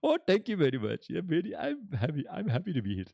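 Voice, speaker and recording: A man voicing a cheerful, overly polite man who speaks in a high, sing-song, gushing way. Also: wildly swooping pitch, fast talker, gravelly, dark tone, no room sound, exaggerated voice.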